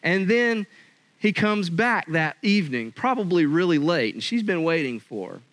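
A man's voice: high voice, very animated, normal speed, a bit bright, no echo. A man preaching a sermon in a conversational way, sometimes acting out quoted voices. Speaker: pastor.

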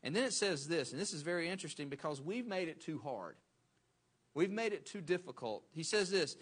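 A man's voice: fairly high pitch, animated, a little fast, a bit bright, breathy edge. A male pastor preaching a sermon, emphatic and repeating phrases for stress.

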